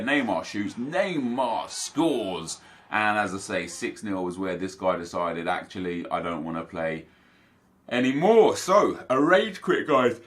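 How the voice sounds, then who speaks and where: A man's voice: on the low side, fairly bright tone. A young man giving casual, chatty commentary over his own football video game matches for viewers. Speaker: gaming YouTuber.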